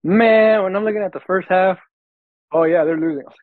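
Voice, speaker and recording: A man's voice: sits high, fast talker, no echo. A man co-hosting a sports podcast, ranting with heavy swearing in casual chat. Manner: profane, animated ranting. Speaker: podcast co-host. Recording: tinny phone-like line.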